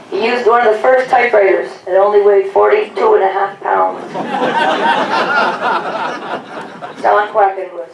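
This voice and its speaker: A woman's voice: mid-range voice, slow, vocal fry, pauses often, over a noisy crowd. Woman reading tributes in an echoey hall. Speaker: announcer reading veterans' service stories. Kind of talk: read-aloud tributes at a public event. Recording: echoey room, distant mic, faint noise.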